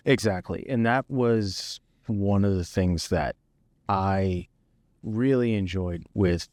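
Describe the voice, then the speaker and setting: A man with a deep, low voice talks through his creative work in an easy, unhurried way. The sound is close and dry, with no room around it. He speaks like a guest on a casual podcast. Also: dry recording. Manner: relaxed storytelling, easy and conversational. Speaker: guest videographer.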